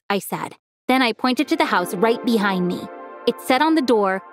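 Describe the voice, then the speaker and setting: A woman narrating a first-person animated story as a teenage girl, expressive and lively in delivery. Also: mid-range voice, normal speed, soft background music. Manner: expressive, acts out a teenage girl's feelings.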